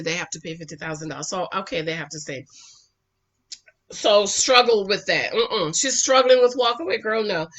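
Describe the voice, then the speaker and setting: A woman giving casual recap commentary on a reality show, sassy and animated, scolding the people on screen and swinging between loud outbursts and quiet asides. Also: medium pitch. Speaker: reality TV reviewer.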